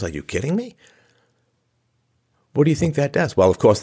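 A male podcast host with a low, deep, slightly rough voice rants through a commentary monologue. He fires off incredulous rhetorical questions in a sarcastic tone, sighing wearily and often.

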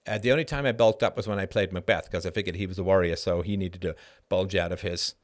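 A middle-aged man hosting a live show, answering chat questions in an animated monologue that keeps tossing in a rhetorical "right?". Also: low voice, quick pace. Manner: animated, frequent rhetorical "right?", laughs mid-sentence. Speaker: host.

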